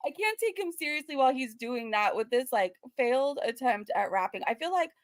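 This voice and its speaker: Woman, reaction host, sarcastic, laughing asides, valley girl sound, slightly high voice. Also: sing-song, brisk, no echo, studio quality. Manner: sarcastic, laughs between remarks. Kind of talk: casual reaction commentary.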